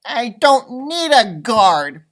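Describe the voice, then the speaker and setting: A man putting on a furious shouting leprechaun. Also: extremely high pitch, very animated, extremely slow, full character voice. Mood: grumpy. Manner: shouting, indignant. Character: furious little male leprechaun, grumpy and territorial.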